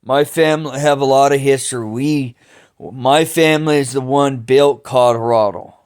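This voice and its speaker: A man telling family stories in a slow, halting way, restarting sentences often and cursing casually. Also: mid-range voice, darkish tone, clean tone. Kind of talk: rambling family storytelling.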